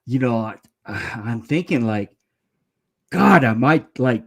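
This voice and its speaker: This caller to a sports show, a man from the Bay Area, talks casually in a mid-range, creaky voice that is animated yet slow. He hesitates often, starting over and repeating words.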